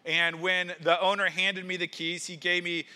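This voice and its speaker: A pastor preaches with earnest conviction, his voice pitched high for a man. His tone is bright and forward, and he often doubles words as he drives a point home. The delivery is a sermon through and through. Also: little pitch movement, normal speed. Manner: earnest preaching with rising emphasis and repeated words.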